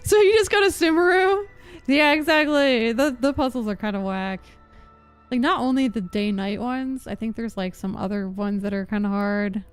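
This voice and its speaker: A woman's voice: mid-range voice, moderate pace, clean tone, soft background music. A woman streamer chatting casually over gameplay, giggly and rambling with lots of fillers. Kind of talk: casual live-stream chat.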